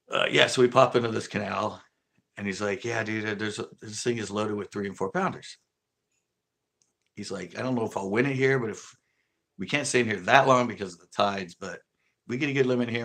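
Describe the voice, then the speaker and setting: A man's voice: fairly low pitch, gravelly, fairly bright tone. A man from California, an angler, casually telling a rambling fishing story on a livestream and acting out what others said. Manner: rambling, acts out quoted dialogue.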